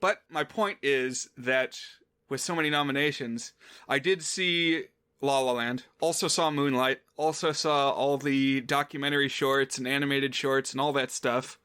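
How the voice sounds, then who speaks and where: A man's voice: medium pitch, steady tone, a little slow, bright, forceful tone, smooth, dry recording, studio quality. A man co-hosting a film podcast in casual chat, rambling a little and correcting himself with fillers. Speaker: podcast co-host.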